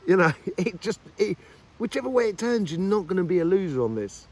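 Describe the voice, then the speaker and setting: A man's voice: high voice, animated, fairly quick. A man giving a casual weekly tarot reading, upbeat and encouraging, rambling along with lots of fillers. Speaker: tarot reader.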